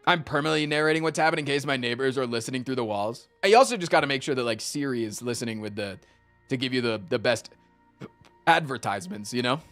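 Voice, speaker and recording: With faint music in the background, a man on a casual livestream talks quickly in a mid-range voice. He swears often while telling lively stories, and he picks out chat messages to read and reply to.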